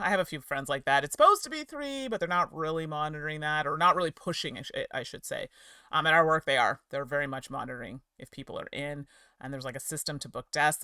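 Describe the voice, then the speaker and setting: A middle-aged woman talks casually to her livestream chat from home, rambling from one aside to the next and laughing often. Her voice is bright and forward, and it sounds dry and close to the mic. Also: low-pitched, no echo. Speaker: streamer and game reviewer. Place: home office.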